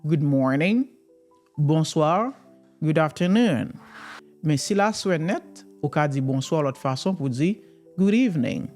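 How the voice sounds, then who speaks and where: Lively language teacher. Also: medium pitch, faint music behind. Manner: explains in Creole, models English phrases slowly. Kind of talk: bilingual language lesson.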